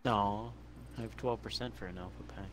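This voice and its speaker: A man joking around as a teammate in a game's voice chat, quick to laugh. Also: on the low side, steady tone, fairly bright tone, a little hiss or hum. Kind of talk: casual gaming chat.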